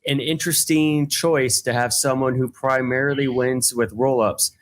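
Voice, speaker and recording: A man's voice: mid-range voice, steady tone, moderate pace. A man with a mid-range voice talks on a casual podcast. He hedges his points and sounds a bit hesitant. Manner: hesitant, hedging.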